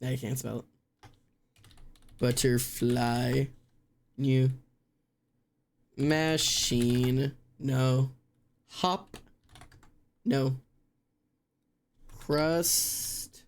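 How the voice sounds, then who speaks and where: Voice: mid-range voice, steady tone, very slow, long pauses. A streamer casually thinking aloud during a live word-guessing game, spelling words out letter by letter and poking fun at themself.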